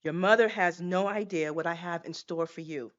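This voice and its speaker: An older woman voicing a gentle heavenly father who softly reassures an unborn child. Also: fairly low pitch, moderate pace, dull audio, lightly acted. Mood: tender. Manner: soft, hushed, reassuring.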